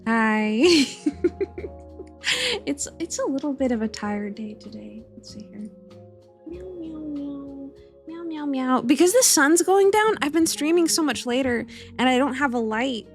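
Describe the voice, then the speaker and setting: A young woman with a high, bright-pitched voice talks casually on a live stream from her room. She rambles, restarts her sentences and giggles as she greets viewers one by one. Soft music plays faintly underneath. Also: expressive, unhurried.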